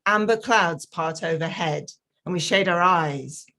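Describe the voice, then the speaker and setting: A woman reading her own flash fiction aloud, slow and measured. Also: fairly low pitch, bright, forceful tone. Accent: non-local accent.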